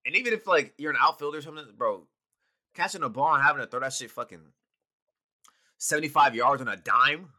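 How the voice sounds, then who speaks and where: Fast-talking young man, bright voice. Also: a little high. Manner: fast, animated, profane and emphatic. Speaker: podcast co-host. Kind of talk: casual chat.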